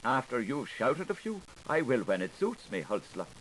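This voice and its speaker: A man's voice: mid-range voice, very animated, normal speed, a little hiss or hum, rough recording. Theatrical man reading a literary audiobook. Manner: theatrical, switching between voices of questioners and the answerer. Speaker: audiobook reader.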